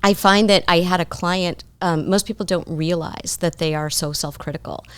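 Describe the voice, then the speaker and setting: A woman's voice: lowish voice, steady tone, moderate pace, smooth. A woman psychotherapist guest giving thoughtful conversational advice, explaining her points through stories about clients.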